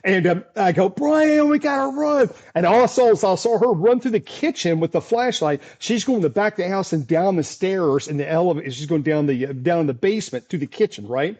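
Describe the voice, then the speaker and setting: A middle-aged man, a storm chaser, recounting a story as an interview guest in an animated, chuckling way with many restarts. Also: high voice, a little fast, few pauses.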